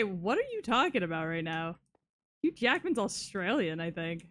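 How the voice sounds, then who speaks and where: A young woman chatting casually with her viewers while playing a game, swearing often and reacting loudly to chat messages. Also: fairly low pitch, big pitch swings, normal speed, a little hiss or hum. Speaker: streamer. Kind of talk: casual live-stream chat while gaming.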